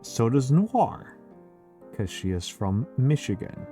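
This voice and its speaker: A man's voice: medium pitch, very animated, slow pace, mellow. Guy from northern illinois, plain general american accent, keeps repeating himself to make his point, bit of music under it. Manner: emphatic and insistent, repeats himself. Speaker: streamer on a group voice call. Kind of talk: casual chat.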